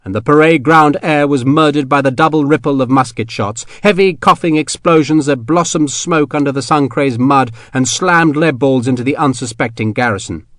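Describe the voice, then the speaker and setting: Man narrating an audiobook, steady. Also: a little high, normal speed, few pauses, no room sound, studio quality. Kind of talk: scripted narration.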